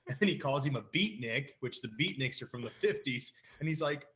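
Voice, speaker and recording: A man's voice: medium pitch, expressive, a little fast, background noise. A man co-hosting a casual recap chat, quoting lines and laughing as he goes. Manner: laughing, quotes lines with a grin. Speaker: podcast co-host.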